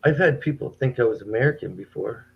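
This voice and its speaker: Husky gravelly Canadian man, lo-fi. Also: mid-range voice, fast talker. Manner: relaxed, hesitant with ums and chuckles. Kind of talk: casual chat. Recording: dull lo-fi audio.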